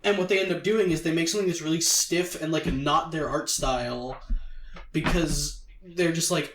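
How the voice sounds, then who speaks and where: Higher-voiced man, roomy and distant. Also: moderate pace, background noise. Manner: animated, mimics people in asides, swears. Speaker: podcast co-host. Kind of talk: casual chat.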